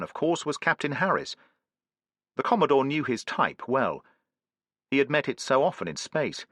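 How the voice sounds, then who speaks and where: Bright, lively male audiobook narrator. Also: mid-range voice, dry recording, clean studio sound.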